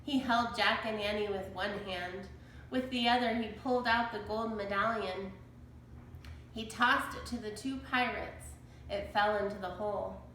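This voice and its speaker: A woman reading a children's chapter book aloud in a slow, deliberate storytelling manner. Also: mid-range voice, fairly even intonation, fairly bright tone, echoey room, slight background noise, low-quality recording. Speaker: storybook reader.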